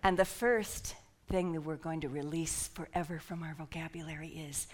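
A woman minister giving an animated sermon, dropping to whispers and rising to shouts as she leads the congregation in call and response. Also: sits low, a little slow.

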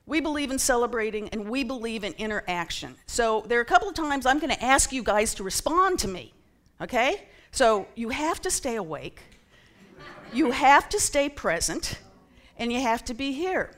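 This middle-aged church member's voice sits fairly high, with big pitch swings, normal speed, and a slightly bright tone. Addressing the congregation from the church sanctuary, she delivers a casual sermon talk, chatty and self-deprecating, full of ums.

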